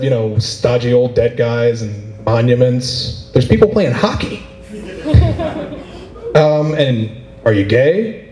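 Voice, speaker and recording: A man performing a stand-up comedy routine for a live convention audience, with a playful, animated delivery. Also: medium pitch, measured pace. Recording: roomy echo of a convention hall.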